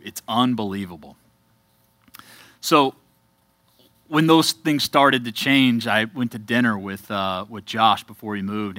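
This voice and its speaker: A man preaching to a congregation, telling his own story with earnest emphasis and quiet asides. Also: fairly low pitch, dry recording. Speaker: church speaker giving a testimony. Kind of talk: testimony sermon.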